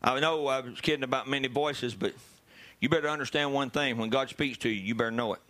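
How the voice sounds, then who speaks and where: A male preacher delivering a sermon, dropping to low murmurs and rising to shouted calls to the congregation. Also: quick pace. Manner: swings from low murmurs to loud shouted exhortations.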